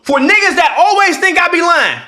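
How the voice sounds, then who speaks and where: A young man streams a casual storytime, cursing freely and acting out both sides of a quarrel. His pitch leaps all over and his voice is bright and sharp. The sound bounces around an echoey room. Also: a little fast. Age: 20s. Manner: animated, profane, acts out both sides of the argument. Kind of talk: casual storytime to a live chat.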